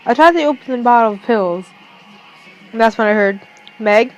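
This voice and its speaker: Young woman reading a story, slightly high. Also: animated, muffled recording, soft background music. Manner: reads haltingly with restarts. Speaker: fan fiction reader. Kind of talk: first-person story reading.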